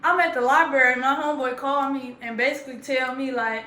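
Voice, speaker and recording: Woman round 30 storytelling, high n bright, cussing a lot, echoey room. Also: fast. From grew up in Georgia, US South. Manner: animated, profane, slangy and emphatic. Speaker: vlogger. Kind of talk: casual storytelling to camera. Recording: roomy echo.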